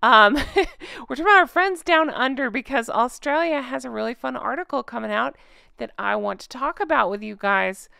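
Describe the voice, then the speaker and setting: Giggly, bright-voiced woman host. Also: high voice, lively intonation, normal speed, gravelly, clean tone, dry recording, studio quality. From United States. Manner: chatty, giggly, sarcastic. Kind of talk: casual video chat.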